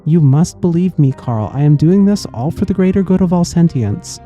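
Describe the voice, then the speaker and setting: A man's voice: on the high side, lively intonation, normal speed, warm tone, faint music behind, natural voice. A man voicing an earnest young woman politician, reading game dialogue in an apologetic, pleading way. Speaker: let's play host voicing game characters.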